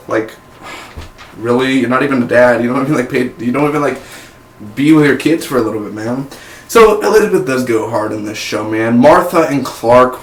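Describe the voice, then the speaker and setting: A man reviewing a television series in a casual, rambling way, often saying "man". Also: medium pitch. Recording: echoey room.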